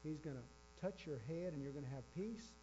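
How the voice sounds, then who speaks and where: Emphatic preacher, higher voice. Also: male voice, brisk, warm tone. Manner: emphatic, repeating key phrases. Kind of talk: sermon. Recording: dull lo-fi with faint electrical hum.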